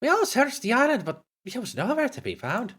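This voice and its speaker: A man's voice: very high voice, huge pitch swings, a little fast, a bit bright, pitched above the performer's own voice, full character voice. A man voicing a busy, gossipy village woman while reading game dialogue aloud with a theatrical delivery. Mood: grave.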